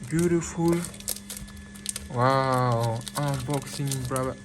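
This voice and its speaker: Male vlogger, slow excitable unboxing delivery, phone-recorded with a noisy background. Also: medium pitch. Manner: excitable, repeats himself, exclaims in disbelief. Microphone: phone camera.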